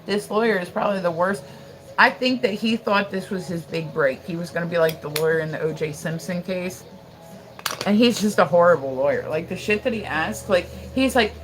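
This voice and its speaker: A woman's voice: lowish voice, fairly quick, rough recording. A woman hosting a casual livestream, telling stories in a rambling way full of "like" and "you know", with faint noise behind her. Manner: rambling, filler-heavy storytelling with frequent "like". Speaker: livestream host.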